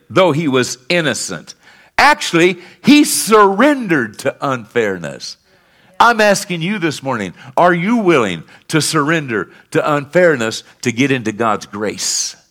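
A male pastor preaching a sermon, calling out to the congregation for responses and swinging between fervent peaks and quiet lows. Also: huge pitch swings, takes it slowly. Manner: rises to fervent emphatic peaks, then drops low and quiet.

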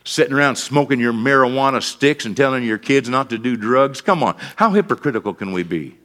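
A man's voice: mid-range voice, expressive, brisk, fairly bright tone. A middle-aged man, preaching a sermon in a folksy style full of repeated phrases and asides. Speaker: pastor.

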